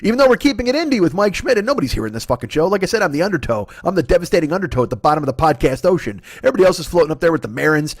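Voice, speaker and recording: A man's voice: fairly high pitch, animated, very fast, hardly any pauses, dry recording, studio quality. A man in his forties ranting solo on his comedy podcast, profane and rambling, often cutting in on himself. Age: 40s. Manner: profane, rambling, self-mocking.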